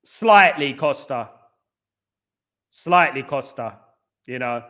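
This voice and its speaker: A man's voice: medium pitch, lively intonation, slow, pushed and bright. A man hosting a casual live stream, reading out comments and answering in a rambling, jokey way that repeats phrases. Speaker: host.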